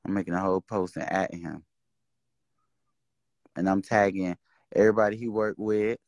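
A man's voice: deep voice, fairly even intonation, normal speed, a little mellow, no room sound. A man venting and swearing on a casual livestream. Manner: venting, exasperated, swears freely. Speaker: social media host. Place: indoors, livestream.

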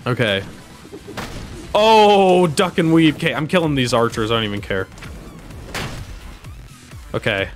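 A young man streaming a game live, commenting excitedly and yelping and shouting when things go wrong. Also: medium pitch, moderate pace, pauses often, music in the background.

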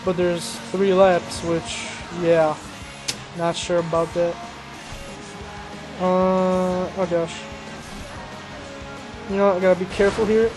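A man's voice: sits high, measured pace, long pauses, rough recording. A young man rambling casually while commentating his racing game playthrough, joking about himself and exclaiming at the action. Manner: rambling, self-mocking, easily excited exclamations. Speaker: gameplay commentator. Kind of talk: casual let's-play commentary. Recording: game music and engine noise behind. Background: racing game music and car sounds.

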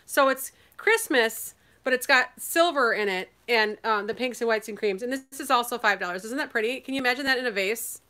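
A woman's voice: fairly high pitch, a little fast, hardly any pauses, sharp tone. A woman from Minnesota hosting a live online sale in casual, enthusiastic chat, laughing often.

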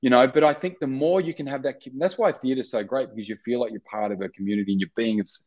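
An Australian actor in casual interview chat, rambling with many restarts and fillers. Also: male voice, mid-range voice, steady tone, fast talker, highs cut off. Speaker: actor guest.

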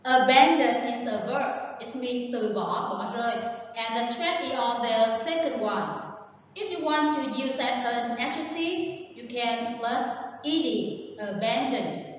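A woman whose first language is Vietnamese, teaching an online English lesson, explaining words carefully and giving model sentences, recorded from a distance in an echoey room on low-fidelity audio. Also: measured pace, muffled recording, slight background noise.

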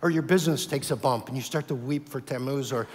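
A pastor preaching a sermon to his church, acting out voices and swinging between loud calls and hushed, heartfelt asides. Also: medium pitch, fast. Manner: dramatic, acts out voices of God and worshippers, swings from loud to hushed. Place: church sanctuary. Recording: long hall reverb.

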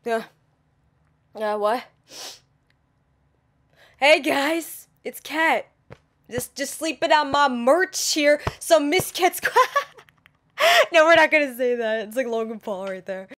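A woman's voice: high-pitched, expressive, takes it slowly, long pauses, a bit bright. A woman YouTuber flubbing her video intros, giggling and exclaiming as she restarts her lines. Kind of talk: blooper reel of vlog intros.

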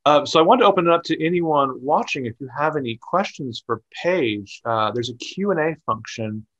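A man's voice: on the high side, animated, moderate pace, a bit bright, lo-fi sound. A man hosting a library author visit over a video call, enthusiastic and eager, with loose fillers. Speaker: library host.

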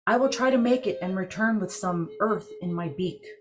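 A woman voicing a loon in a traditional legend in a plain, steady storytelling voice. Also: medium pitch, normal speed, close to an everyday voice. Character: loon, a diving water bird.

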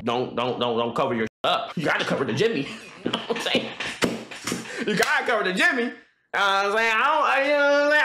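A man livestreaming, ranting loudly and profanely in casual talk, joking and laughing. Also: high-pitched, echoey room, a little hiss or hum. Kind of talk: casual stream rant.

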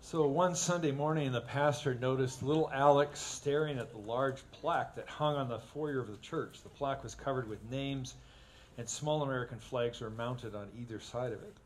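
A man preaching from the pulpit in a relaxed, folksy way, his voice sitting at an ordinary middle pitch. He breaks into funny stories and acts out the people in them with growing energy. A faint hum of the church is audible behind him. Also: moderate pace. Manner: folksy, animated when acting out stories. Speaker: pastor. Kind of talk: sermon with humorous storytelling. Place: church sanctuary.

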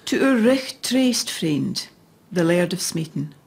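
A woman voice actor reading a historic letter in old Scots as a regal queen, with a Scots accent touched by French and a breathy, husky tone. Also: on the low side, sing-song, slow, a little mellow, exaggerated voice. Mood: stately, formal. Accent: Scots with a French lilt.

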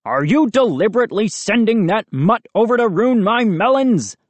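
A woman doing a grumpy, shouting neighbor man. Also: mid-range voice, expressive, normal speed, dry recording, voice pushed up, lightly acted. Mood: angry. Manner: shouting, angry.

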